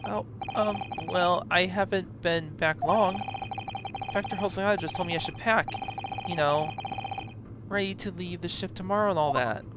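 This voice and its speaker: A woman's voice: on the low side, normal speed, background noise, close to an everyday voice. A woman voicing an earnest young male student, speaking in a mildly awkward way.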